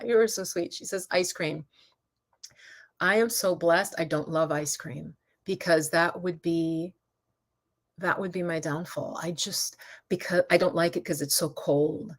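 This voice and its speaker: A middle-aged woman hosting a casual live stream, chatting with viewers, reading out their comments by name and laughing often. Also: lowish voice. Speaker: yoga and mindfulness channel host. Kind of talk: casual livestream talk reading chat comments.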